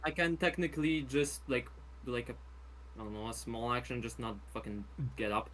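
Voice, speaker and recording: A man's voice: medium pitch, steady tone, moderate pace, fairly bright tone, rough recording. A man playing a tabletop game, chatting casually and swearing freely. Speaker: player.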